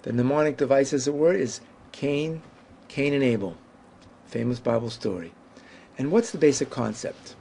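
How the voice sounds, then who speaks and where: A man teaching a Hebrew lesson at a whiteboard, explaining patiently and saying each Hebrew word slowly and carefully. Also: medium pitch, gravelly, warm tone, a little hiss or hum.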